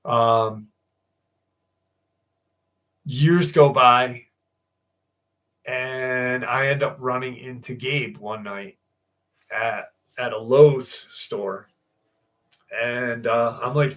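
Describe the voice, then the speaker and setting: An American man tells a personal story in a loose, casual way. He swears freely, circles back with fillers and restarts, and sits at an ordinary middle pitch. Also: drawn-out words, pauses often, fairly bright tone. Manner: profane, rambling, many fillers and restarts. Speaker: guest telling a personal encounter story.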